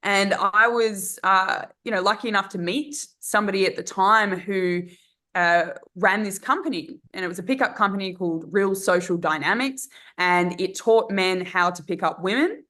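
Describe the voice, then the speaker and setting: A woman's voice: medium pitch, normal speed, pushed and bright. An Australian woman in her thirties, a guest on a casual podcast, chatting in a rambling way with many fillers and restarts. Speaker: guest, dating coach.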